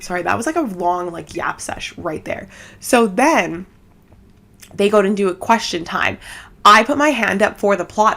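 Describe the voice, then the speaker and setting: A woman from Canada hosting a casual chat podcast at home, giggly and rambling, talking fast with lots of fillers. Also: medium pitch, a bit bright. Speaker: podcast host. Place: home setup, seated cross-legged.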